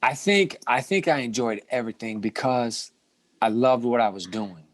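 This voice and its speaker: Speaking at a moderate pace in a mid-range voice, a middle-aged man who used to be a boxing champion relates career stories in an informal interview. He's lively, with many restarts, repeated words and short laughs, and the recording has no room sound.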